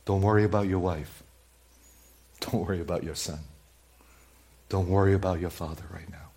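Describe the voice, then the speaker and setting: A male pastor preaching a sermon, swinging from loud emphatic exclamations to hushed near-whispers, repeating lines and calling for amens. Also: sits low, fairly even intonation, moderate pace. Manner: repetitive, emphatic, calls for amen.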